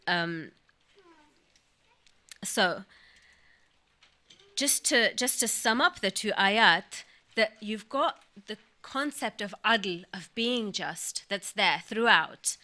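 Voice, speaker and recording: A woman speaks at a podium microphone, lecturing a gathering on scripture. Her tone is bright and carrying, and her pitch sits at a middling level. She explains each point with emphasis and now and then recites a verse in Arabic. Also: animated, takes it slowly, long pauses. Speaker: religious speaker. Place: mosque or community hall.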